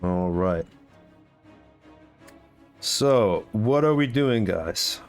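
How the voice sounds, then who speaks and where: A man's voice: on the low side, lively intonation, extremely slow, faint music behind. A man narrating a tabletop game as game master, rambling with lots of fillers.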